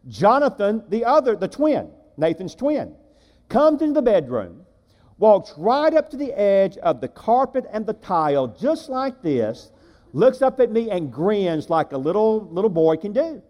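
High-voiced preacher in an echoing hall. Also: male voice, a little mellow. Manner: storytelling, acts out child and father voices. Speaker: pastor. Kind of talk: sermon. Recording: long reverb of a large hall.

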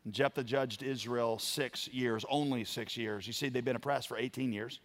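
A man preaching a sermon, building to loud emphatic lines and dropping to quiet ones. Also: mid-range voice, steady tone, normal speed. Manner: emphatic preaching, dramatic swings in volume. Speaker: pastor.

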